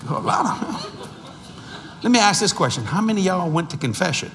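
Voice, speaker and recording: Older male preacher, high lively voice, bright tone, echoey hall. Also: slight background noise. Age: 60s. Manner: animated storytelling with laughter and sudden shouts; drawn-out emphatic phrasing. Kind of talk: sermon.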